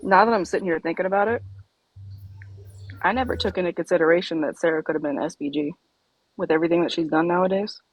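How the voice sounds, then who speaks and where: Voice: mid-range voice, fast talker, long pauses, low-quality recording. A livestream caller in casual chat, blunt and direct. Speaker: live stream participant.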